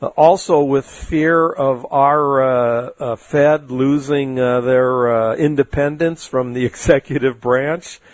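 A man's voice: medium pitch, fairly even intonation, slow, hardly any pauses, no room sound. Folksy rambling man talking markets. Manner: rambling, filler-heavy, folksy asides. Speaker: investment show host. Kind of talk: casual market commentary.

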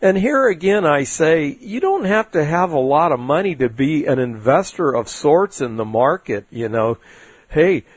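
A man's voice: on the high side, sing-song, normal speed, breathy edge, no echo. A man hosting an investment talk show, giving casual market commentary in a rambling, folksy way with many fillers.

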